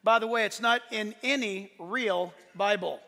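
High-voiced preaching man, bright and emphatic. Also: unhurried, big-room sound. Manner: emphatic, joking preaching that rises to shouts. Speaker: pastor. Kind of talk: sermon.

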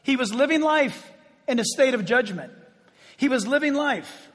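Husky, high-pitched male pastor, lively sermon storyteller, echoey hall. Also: normal speed. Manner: animated storytelling, chuckling asides.

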